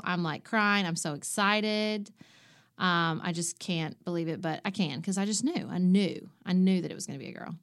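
A woman on a podcast, telling a personal story in a lively way and acting out what others said. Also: lowish voice, moderate pace. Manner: animated, acts out quoted voices. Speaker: podcast co-host.

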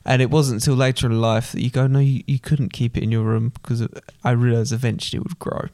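A man's voice: mid-range voice, little pitch movement, fast talker, darkish tone, no room sound, clean studio sound. A young man co-hosting a casual podcast with his dad, joking and reading out listener mail. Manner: jokey, playful, reads listener mail aloud. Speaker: podcast co-host, son. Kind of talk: casual chat.

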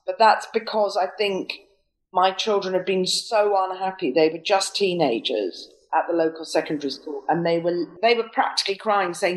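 A woman's voice: on the low side, normal speed, low-quality recording. Wry self-mocking woman telling stories. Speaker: guest. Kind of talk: casual chat.

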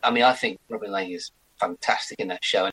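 A man in his forties, an actor chatting as an interview guest in an animated way. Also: on the low side, fairly quick, breathy edge, poor audio. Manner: chatty, animated, slips into mock accents. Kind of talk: casual interview chat.

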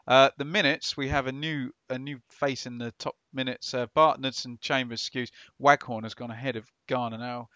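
A man co-hosting a casual football podcast, reading out stats in quick lists. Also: mid-range voice, fairly even intonation, bright, forceful tone, no echo. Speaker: podcast co-host. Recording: dull lo-fi dry recording.

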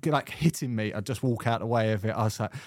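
A man's voice: lowish voice, quick pace, darkish tone, no room sound, studio quality. A man hosting a podcast, telling stories in laughing, matey banter. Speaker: podcast host. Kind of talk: casual podcast chat.

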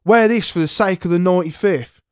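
A man's voice: sits high, fairly quick, clear, resonant tone, no echo, clean studio sound, voice pushed up, lightly acted. A man voicing an eager young rifleman who speaks up earnestly to his general.

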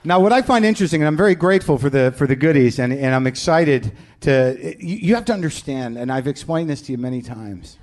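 A man's voice: mid-range voice, animated, quick pace, hardly any pauses, a little mellow. A man hosting a live comedy podcast in front of an audience, ranting in a profane, self-deprecating way. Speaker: host. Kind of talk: live stand-up podcast monologue.

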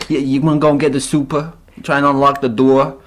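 A man voicing impatient men banging on a door to pawn their goods, loud and pushy, with a put-on Russian accent. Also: mid-range voice, level tone, a little fast, voice pushed up, close to an everyday voice.

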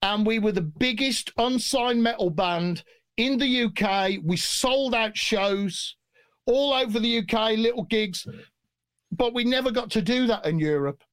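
Brief: man, guest storyteller, animated and jokey, dry close sound. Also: high voice, measured pace, clean tone, no echo. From England. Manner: animated, jokey, swears freely. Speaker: guest musician. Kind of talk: casual storytelling interview.

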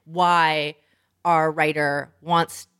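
A woman co-hosting an advice podcast, animated and frank, laughing often and swearing casually. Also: low voice, extremely slow, smooth. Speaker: podcast co-host.

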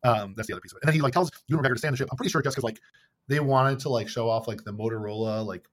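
A man chatting at a quick clip on a podcast, recapping a film with plenty of fillers and restarts. His pitch sits in the middle of the range, and he jumps into goofy voices to act out the characters' lines. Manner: rambling, filler-heavy, acts out quotes in silly voices. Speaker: podcast co-host. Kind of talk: casual movie recap chat.

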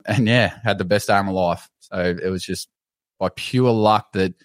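A man with an Australian accent telling a story on a podcast in a casual, animated way, swearing and laughing as he goes. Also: low voice, normal speed, no echo. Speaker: podcast co-host.

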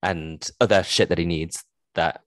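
Geordie woman, young, low voice, dry close mic, casual sweary book-club co-host. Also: fairly even intonation, unhurried, no room sound. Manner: chatty, swears freely, laughs often. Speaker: podcast co-host.

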